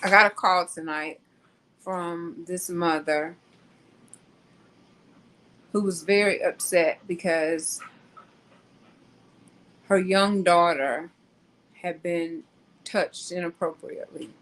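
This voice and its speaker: A woman hosting a casual live talk, pausing often with ums and restarts. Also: lowish voice, a bit bright, poor audio. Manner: slow, hesitant, many ums and restarts. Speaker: host.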